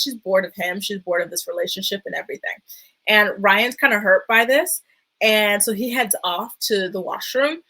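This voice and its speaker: A woman's voice: medium pitch, bright, forceful tone, poor audio. A woman hosting a casual reality-show recap, chatty and full of fillers. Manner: chatty, many fillers, dips into quoted voices. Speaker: recap vlogger.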